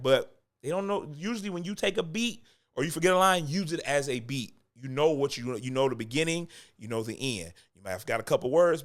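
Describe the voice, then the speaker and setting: A man giving acting coaching in a casual talk, close to the mic, repeating his points for emphasis. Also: fairly high pitch. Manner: conversational, repeats points for emphasis, chuckles between lines. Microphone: close microphone.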